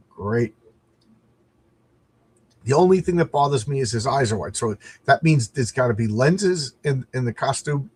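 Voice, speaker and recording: A husky, slightly rough-voiced middle-aged man talks in a loose, rambling way, hosting a casual livestream. He gets enthusiastic and stumbles over his words as he chats with viewers, in a voice of ordinary middle pitch. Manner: rambling and enthusiastic, frequent restarts. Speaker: comics livestream host.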